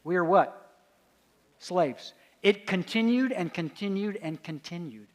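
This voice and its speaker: A man's voice: high voice, animated, a little slow. A man giving a conference lecture, quizzing the audience with questions and answering them himself. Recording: long hall reverb.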